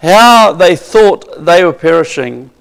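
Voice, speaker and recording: A man's voice: on the high side, lively intonation, slow, creaky. A man preaching a sermon with emphasis, asking the congregation questions.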